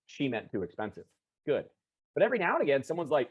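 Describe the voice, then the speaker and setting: A man coaching salespeople over a video call, rattling along at a quick pace. His pitch sits mid-range for a man. He is chatty and upbeat, and he often stops to correct himself and restart. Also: husky. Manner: energetic, chatty, self-correcting. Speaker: sales trainer. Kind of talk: live online sales training. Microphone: video call computer mic.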